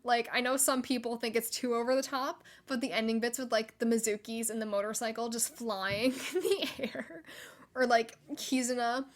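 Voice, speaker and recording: A young woman hosting a solo gaming podcast, chatty and excitable, with frequent likes and laughter. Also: fairly high pitch, moderate pace. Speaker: podcast host.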